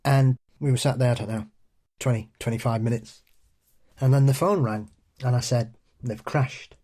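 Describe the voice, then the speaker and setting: Middle-aged guy rambling through a spooky true story, keeps restarting, chuckles at himself, normal pitch. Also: moderate pace, dark tone. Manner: rambling, self-interrupting, laughs at himself. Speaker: storyteller guest. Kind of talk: casual spoken ghost story.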